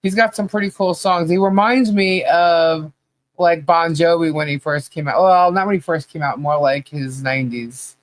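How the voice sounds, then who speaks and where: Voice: mid-range voice, fairly even intonation, normal speed. A podcast host in a casual, rambling trivia chat, laughing often as they talk.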